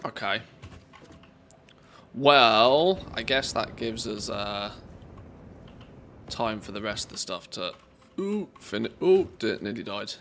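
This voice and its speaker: A man's voice: lowish voice, expressive, takes it slowly, gravelly, long pauses, fairly bright tone, a little hiss or hum. A man streaming a game live, thinking aloud and chatting casually with his viewers. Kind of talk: casual live-stream commentary while playing.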